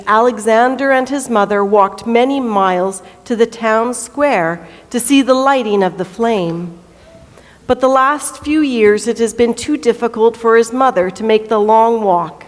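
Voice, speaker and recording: Woman reading a story in a church. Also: fairly high pitch. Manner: slow, deliberate storytelling. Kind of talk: reading a children's story aloud. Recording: echoey church hall.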